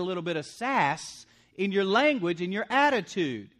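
A man preaching a sermon as pastor, swinging between loud punchy lines and quiet asides. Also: sits high, big pitch swings, moderate pace.

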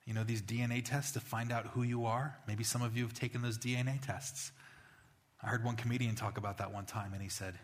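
A man preaching a sermon as a pastor, in a lively, conversational way that acts out little scenes. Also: medium pitch, fairly quick. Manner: animated, conversational preaching with acted-out voices. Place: church. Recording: long reverb of a church hall.

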